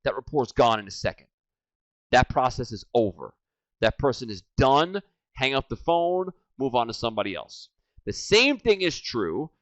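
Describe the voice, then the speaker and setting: Guy in his 40s doing sales training, big swings loud to quiet, dry slightly muffled sound. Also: moderate pace, no echo. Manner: animated, swings between loud and hyped and low and quiet to demonstrate. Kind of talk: energetic training talk.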